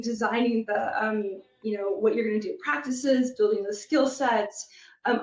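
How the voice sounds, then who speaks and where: Woman guest, considered and halting, echoey muffled remote audio. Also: mid-range voice. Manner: thoughtful, many ums and restarts. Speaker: guest, product leader and youth soccer coach. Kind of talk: conversational interview answers.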